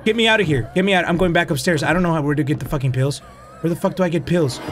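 A man playing a horror game and commenting, panicky and swearing, often shouting in fright and dropping Spanish exclamations. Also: a little high, animated, quick pace, faint music behind. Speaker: gaming streamer.

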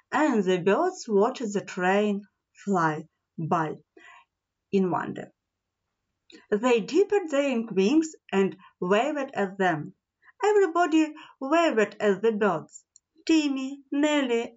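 Brief: woman storyteller for a children's fairy tale, slow and sing-song, higher voice; dull lo-fi recording. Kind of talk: storybook read-aloud.

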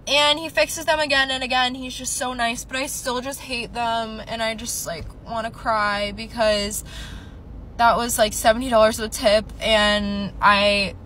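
A woman's voice: fairly high pitch, little pitch movement, a little slow, pushed and bright, slight background noise, poor audio. A woman telling a casual story in a rambling, filler-heavy, upset way from inside a car.

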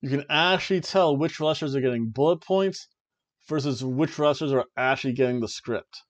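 A man co-hosting a podcast, casually recapping a wrestling show in an excited play-by-play way with jokey asides. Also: medium pitch, moderate pace. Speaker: podcast co-host.

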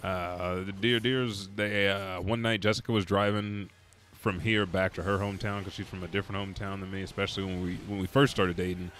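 A man's voice: low-pitched, flat delivery, a little fast, a bit bright. Tired, profane, rambling young man. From Oklahoma, US. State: tired from staying up all night. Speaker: gaming streamer. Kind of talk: casual storytelling while playing.

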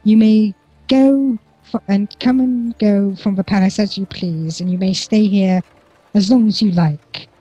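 A woman voicing a stern, weary queen who speaks in a formal, measured way. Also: medium pitch, fairly even intonation, dark tone, breathy edge, no room sound, lo-fi sound.

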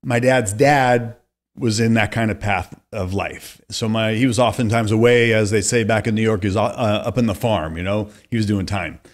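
A man's voice: lowish voice, normal speed. Storytelling man in his fifties. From California. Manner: long animated anecdotes, acts out quoted voices. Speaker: podcast guest. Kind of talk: conversational storytelling.

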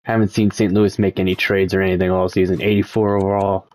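Man giving relaxed game commentary. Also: deep voice, quick pace. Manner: relaxed, thinking aloud, excited by close results. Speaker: gaming channel host.

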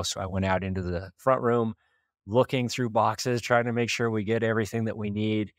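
Speaking at a normal speed in a steady, fairly low voice, a man from a small Idaho town hosts his podcast. He sincerely recounts something that happened to him, with the occasional chuckle. The studio-quality audio has no echo.

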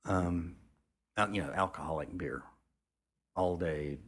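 Low-voiced man telling a rambling story. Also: measured pace, a bit bright. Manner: rambling, with frequent restarts and casual swearing; acts out other people's lines in a raised pitch. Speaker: photographer telling a story as interview guest. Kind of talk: casual anecdotal storytelling.

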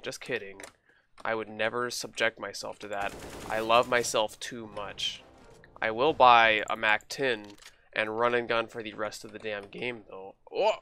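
A man's voice: mid-range voice, pushed and bright, clear, resonant tone. A man hosting a gaming video, joking and trash-talking in casual commentary while he plays. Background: game gunfire and keyboard clicks.

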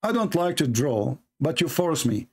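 A man's voice: sing-song, moderate pace, warm tone, slightly rough. Sarcastic man. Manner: sarcastic, reads text aloud and mocks it with sudden high-pitched jabs. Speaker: debate host. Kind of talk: mocking religious debate commentary.

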